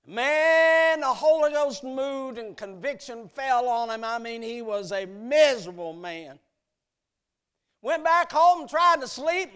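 Very high-voiced emphatic preacher man. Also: fairly bright tone. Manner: emphatic storytelling that rises and falls. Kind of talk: sermon at a youth meeting.

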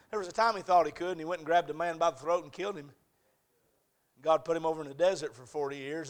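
A man preaching a sermon with passion, in rhythmic, repeated phrases that move from hushed to shouting. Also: on the high side. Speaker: pastor.

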